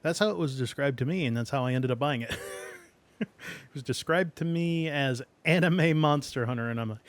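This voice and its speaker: A man streaming a game, chatting casually while he plays, rambling along with fillers and soft laughs. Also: mid-range voice, a little fast, dry recording. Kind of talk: casual gameplay commentary.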